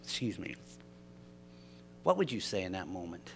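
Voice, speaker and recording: Animated male preacher telling a story. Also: sits low, moderate pace, creaky, slight background noise. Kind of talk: sermon. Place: church.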